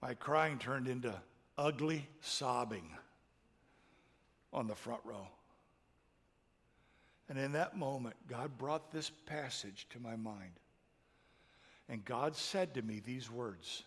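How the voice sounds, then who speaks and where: A middle-aged man preaching a sermon, telling a personal story in an emotional way that builds to loud, impassioned peaks. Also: on the high side, expressive, slow pace, big-room sound. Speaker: pastor.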